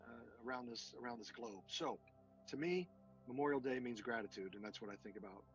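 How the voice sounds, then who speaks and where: Veteran man, earnest and halting, lo-fi dull audio with faint music under it. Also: mid-range voice. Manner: earnest, halting with many fillers. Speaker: veteran guest. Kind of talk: casual interview talk.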